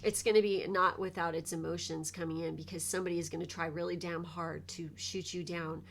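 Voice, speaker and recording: A woman's voice: lowish voice, level tone, a little fast, gravelly, a little hiss or hum. A young woman co-hosting a casual tarot reading, emotional and effusive, swearing casually as she reads the cards. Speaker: tarot reader.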